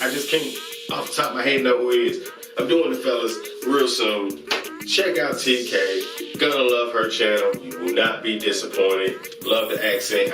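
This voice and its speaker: A man hosting his own channel, chatting casually and excitedly as he gives shout-outs, rambling and slangy. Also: mid-range voice, recorded from a distance. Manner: hyped, chanting catchphrases, slangy and rambling. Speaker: YouTube host reviewing comedy channels. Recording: echoey room from off-mic with music. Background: music playing.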